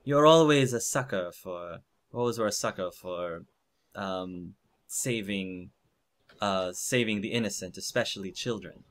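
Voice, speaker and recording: A man's voice: lowish voice, unhurried, close to an everyday voice. A man voicing a blunt woman soldier.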